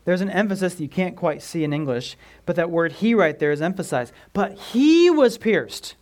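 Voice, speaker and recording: Preaching with emphasis, this male pastor quizzes his congregation and moves between forceful, stressed words and a near whisper. He talks quickly, in a somewhat high voice.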